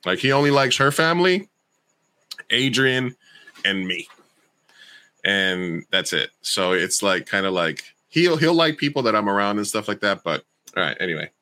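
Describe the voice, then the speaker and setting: Casual podcast host, male, lowish voice with a bright edge, rambles and restarts. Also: very animated, normal speed, slight background noise. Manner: rambling, self-correcting. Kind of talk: casual chat.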